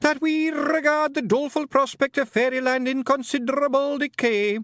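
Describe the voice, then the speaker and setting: A man's voice: extremely high pitch, fairly even intonation, normal speed, fairly bright tone, dry recording, clean studio sound, voice pushed up. A man voicing a tiny theatrical male pixie poet who wails his verse. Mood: mournful declaiming. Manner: wailing, declaiming.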